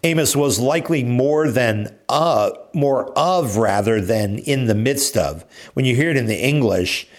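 A man's voice: mid-range voice, a little slow, few pauses. A man leading a Bible class, lecturing conversationally with frequent fillers and self-corrections. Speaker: Bible study teacher.

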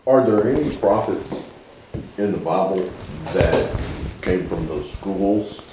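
A man in a class slowly asking the teacher a question. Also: low voice, expressive. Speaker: class participant. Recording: roomy and distant, with background noise.

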